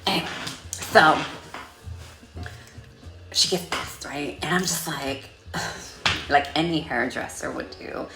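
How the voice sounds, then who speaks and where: A woman telling a story in a casual vlog, sassy and profane, with animated delivery. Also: sits low, slow, vocal fry, pauses often, reverberant, music in the background. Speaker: vlogger.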